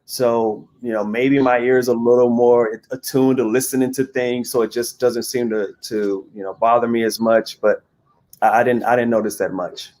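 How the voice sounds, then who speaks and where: A man's voice: mid-range voice, little pitch movement, normal speed, darkish tone. A man from the United States, a guest in a casual interview, talking candidly with frequent stammered restarts.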